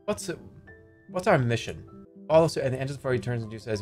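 A man's voice: medium pitch, lively intonation, quick pace, faint music behind. A man streaming, chatting casually and reading a text adventure aloud in a rambling, giggly, profane way.

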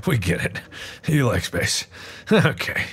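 A man's voice: mid-range voice, sing-song, slow pace, fairly bright tone. A man co-hosting a gaming podcast, joking and laughing often while he plays a co-op video game with friends. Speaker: co-host. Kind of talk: casual chat while playing a co-op video game.

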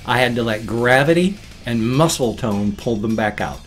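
A man's voice: mid-range voice, lively intonation, moderate pace, soft background music. A man in his fifties chatting casually in his vlog, rambling and easily sidetracked. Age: 50s. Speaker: vlogger. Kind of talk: casual chat.

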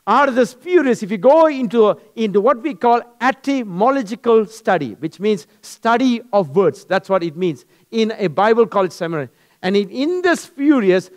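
A male pastor delivers a sermon with a noticeably high voice. He tells stories with animation and speaks directly to his listeners. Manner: animated, storytelling, acts out dialogues.

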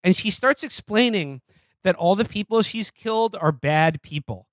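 A man's voice: sits high, expressive, moderate pace, no echo, clean studio sound. A man co-hosting a podcast, reviewing a film in rambling, sarcastic casual chat. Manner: rambling, sarcastic, acts out scenes in silly voices. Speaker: podcast co-host.

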